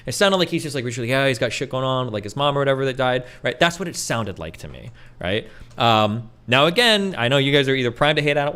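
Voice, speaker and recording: Male host, heated rapid-fire commentary, profane, very lively delivery. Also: medium pitch. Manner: profane, animated, acts out quotes in a mocking voice. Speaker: podcast host.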